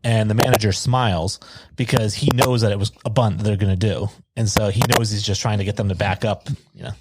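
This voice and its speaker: A man's voice: fairly low pitch, fairly even intonation, a little fast, heavy background noise. A man guesting on a casual movie podcast, enthusiastically retelling scenes.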